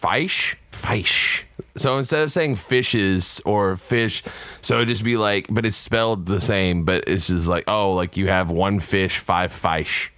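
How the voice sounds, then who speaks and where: A young man co-hosting a casual podcast, rambling through jokes and laughing loudly. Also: on the low side, unhurried, smooth, no echo. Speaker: podcast co-host.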